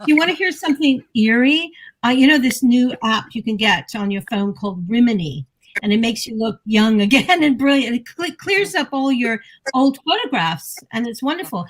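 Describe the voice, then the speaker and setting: High voiced lady on a talk show, chatty and animated, tells playful stories. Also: normal speed, low-quality recording. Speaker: guest actor. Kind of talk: casual talk show chat.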